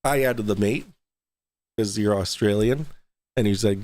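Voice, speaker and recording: A young man hosts a casual livestream in a loose, chatty way. He reads viewer donations aloud and swears offhandedly. His voice sits at an ordinary middle pitch. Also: moderate pace, darkish tone, no room sound. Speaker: livestream host.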